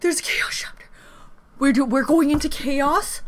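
A woman giving an excited fan reaction, gushing and swearing, with sudden jumps in her voice. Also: high voice, normal speed. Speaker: reaction video host.

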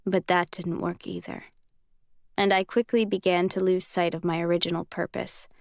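A woman voicing a self-assured young male commander in an audiobook reading, speaking in a calm, amused drawl. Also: fairly low pitch, normal speed, gravelly, no echo, clean studio sound. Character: young man, cool, teasing, self-assured military commander.

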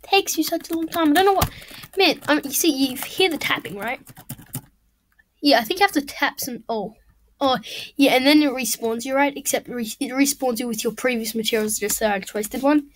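A young woman giving casual, rambling commentary while playing a game at home, excitable and swearing freely. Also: high voice, moderate pace, a little hiss or hum. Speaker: gamer. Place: home room at a computer.

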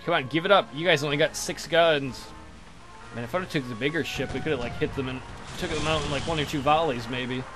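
A young man talks his way through a video game in a loose, profane, joking style, taunting enemy ships as he plays. His voice sits a little high for a man. Game music plays clearly behind him. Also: a little fast. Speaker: let's play commentator. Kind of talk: casual gameplay commentary.

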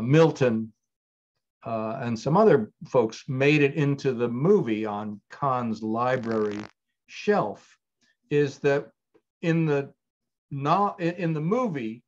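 A man's voice: medium pitch, animated, takes it slowly, darkish tone, muffled recording. An older man, a writer-director, answering interview questions in a thoughtful, digressive way with frequent restarts.

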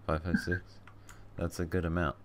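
Young man, very low voice, casual joking game chat, keyboard clicking behind. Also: completely flat delivery, moderate pace, background noise. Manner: joking, laughing often. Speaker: streamer. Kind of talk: casual gaming banter.

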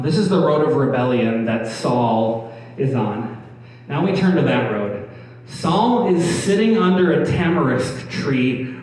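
A man's voice: mid-range voice, darkish tone. A man preaching a sermon as pastor, earnest and emphatic, repeating his key points. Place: church hall. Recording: echoey hall from a distant mic.

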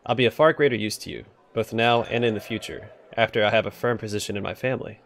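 A man's voice: fairly low pitch, steady tone, fast, vocal fry, fairly bright tone, a little hiss or hum. A man reading as a self-assured young noble heir. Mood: persuasive.

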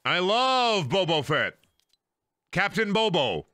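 A man's voice: high-pitched, takes it slowly, no echo, studio quality. A man chatting and ranting with lots of swearing while streaming a game. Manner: animated, ranting, swears a lot. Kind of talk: casual gaming stream chat.

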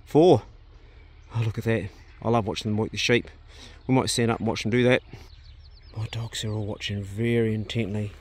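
A man's voice: on the low side, steady tone, brisk, a little hiss or hum. A man chatting casually as he walks around his rural property, filming on his phone and talking to his animals. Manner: easygoing, rambling commentary with pet talk. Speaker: homestead vlogger. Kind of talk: casual filmed walk-and-talk. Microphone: phone held while walking.

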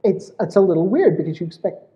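A man's voice: high voice, animated, fast, mellow, long reverb tail, low-quality recording. A male guest chatting casually in an interview. He rambles, with many restarts and "you know"s. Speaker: guest, essay author and podcaster.

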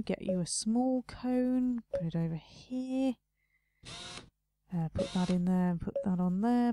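A woman's voice: medium pitch, warm tone, no echo. A young woman casually commenting on her own gameplay, chatty and self-mocking, talking to herself as she plays. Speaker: let's play host.

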